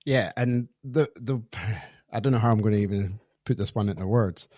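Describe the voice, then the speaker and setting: A man's voice: fairly low pitch, normal speed, dark tone, breathy edge, no echo, clean studio sound. A man in his thirties hosting a podcast interview, reflective and hesitant, often restarting his sentences. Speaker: podcast host. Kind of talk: interview conversation.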